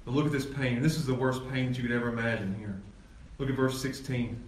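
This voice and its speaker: A man preaching a sermon as pastor, animated, swinging from loud excited peaks to low emphatic lines. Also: fast, slight background noise. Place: church sanctuary. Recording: echoey church hall from far off, faint ambience.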